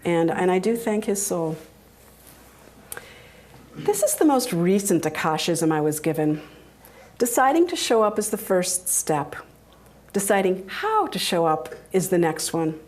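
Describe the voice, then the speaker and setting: A middle-aged woman giving a talk, telling personal stories in a lively way and laughing often. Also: a little slow, long pauses. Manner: animated, acts out quoted voices with big pitch jumps.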